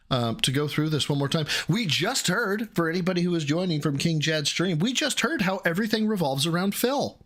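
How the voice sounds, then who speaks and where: A man with a Midwestern American accent reacting to a clip on his live stream, swearing and exasperated, his voice jumping high. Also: a bit bright. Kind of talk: casual live-stream commentary.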